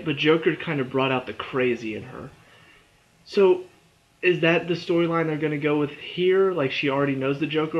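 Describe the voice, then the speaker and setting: A young man casually reviewing a movie trailer, rambling and chatty with lots of fillers and restarts, sounding a bit tired. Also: medium pitch. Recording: dull lo-fi recording.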